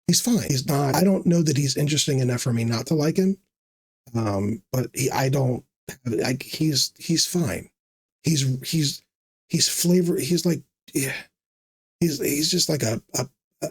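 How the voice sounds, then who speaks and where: Rambling, sarcastic man with jumpy pitch. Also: breathy edge. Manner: rambling, sarcastic, teasing, with many fillers and restarts. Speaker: fantasy sports video host. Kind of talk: rambling casual commentary.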